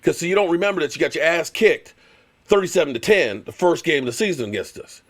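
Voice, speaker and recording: A man's voice: a little high, big pitch swings, fast. A man hosting a live stream, ranting about football in a fired-up, sarcastic way and repeating words for emphasis. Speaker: show host and former pro football player. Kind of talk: heated live-stream sports rant.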